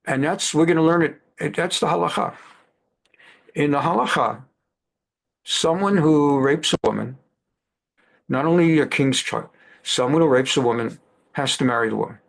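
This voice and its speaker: A man's voice: fairly high pitch, normal speed, gravelly, long pauses. Man teaching a Bible class. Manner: conversational, repeats phrases, glosses Hebrew words in English. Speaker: rabbi.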